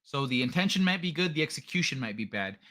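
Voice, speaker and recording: A man's voice: on the high side, lively intonation, quick pace, pushed and bright. A man hosting a casual livestream, reading chat messages and rambling, swearing freely as he reacts. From California.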